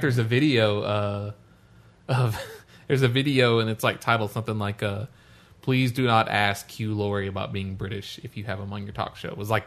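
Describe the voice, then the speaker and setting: A man in a casual chat, opinionated and quick to laugh, fond of folksy sayings. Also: fairly low pitch, a bit bright.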